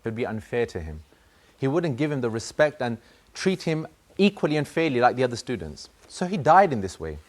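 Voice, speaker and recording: In brisk, very animated storytelling, a man with a medium-pitched voice tells children a moral story. He acts out the voices of both a strict teacher and a pupil.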